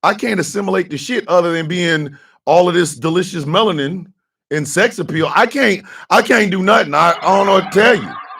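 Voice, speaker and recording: Gravelly high-voiced man ranting on the radio. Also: a little fast. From United States. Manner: profane and fiery, bursts into shouting, laughs at himself. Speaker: radio morning show host. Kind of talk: heated radio commentary.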